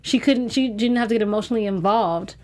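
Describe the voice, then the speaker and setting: A woman's voice: medium pitch, quick pace, a little mellow. A woman co-hosting a TV recap in casual chat, candid and emotional, often restarting her sentences. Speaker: co-host.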